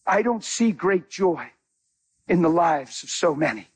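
A man preaching a sermon as a guest speaker, animated, telling stories with acted-out dialogue. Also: a little high, unhurried, slightly rough.

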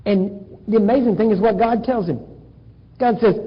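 A man preaching a sermon, telling Bible stories in a lively way and acting out the dialogue, with a husky voice. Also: sits high, measured pace, pauses often. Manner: animated storytelling, acting out dialogue. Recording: dull echoey hall recording.

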